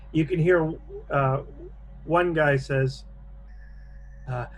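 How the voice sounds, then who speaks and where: Halting game master narrating horror. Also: male voice, on the high side, breathy edge. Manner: halting narration with many fillers. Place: home, on a video call.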